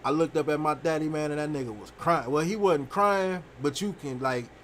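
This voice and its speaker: A young man with a fairly high voice tells a long story while playing a game, animated and swearing freely. He rambles and repeats himself with plenty of fillers, over a faint hum of background noise. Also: a little fast. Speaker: gaming streamer.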